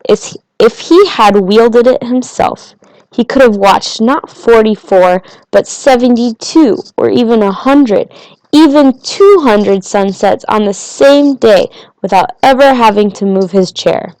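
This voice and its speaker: A woman narrating a storybook audiobook in a measured, unhurried way. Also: on the high side, a little mellow. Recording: long reverb.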